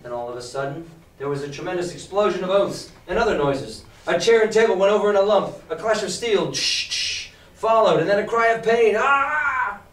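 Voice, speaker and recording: A male teacher reading a novel aloud to a class and explaining it in a lively, emphatic way. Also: sits high, fast. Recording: echoey classroom from far off.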